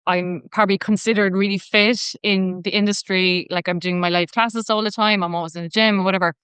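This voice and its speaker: An Irish woman in her thirties, a personal trainer appearing as a podcast guest, chats and tells stories packed with "like" fillers. Her medium-pitched voice is steady, fairly quick and fairly bright, with a clean sound and no echo.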